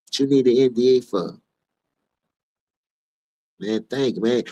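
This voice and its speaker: A man's voice: medium pitch, normal speed, pauses often, darkish tone, no echo, rough recording. A man from New Orleans with a New Orleans accent, hosting his own stream and ranting in heated, profane, preachy commentary. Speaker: streamer host.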